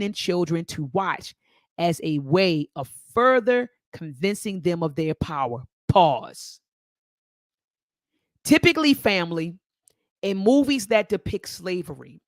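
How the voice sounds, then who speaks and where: A woman's voice: mid-range voice, no room sound. A woman hosting a book club, reading passages aloud and commenting with passion, addressing listeners as family and repeating phrases for emphasis, at times near tears. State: near tears, voice dropping low.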